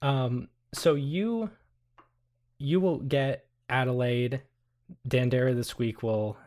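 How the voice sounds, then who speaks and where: A young man running a tabletop game, loose and profane, slipping into in-character asides and laughing at his own names. Relaxed, conversational narration at a middling pitch. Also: slow. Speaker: game master.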